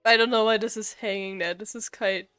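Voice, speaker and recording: A woman's voice: mid-range voice, steady tone, a little fast, sharp tone, clear, resonant tone, faint music behind. A young woman streaming a game live, chatting casually and rambling with frequent laughs.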